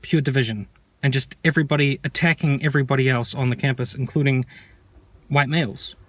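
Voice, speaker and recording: A man's voice: mid-range voice, fairly even intonation, fairly quick, fairly bright tone, no echo. A man ranting heatedly in an opinion vlog, sarcastic and profane. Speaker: vlogger. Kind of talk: angry opinion rant.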